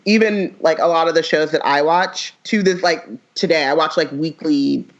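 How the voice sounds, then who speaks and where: A woman's voice: low voice, normal speed. A woman chatting as a podcast guest, rambling and filling her talk with "like". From United States. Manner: rambling, lots of "like", laughs often. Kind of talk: casual chat. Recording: muffled lo-fi audio.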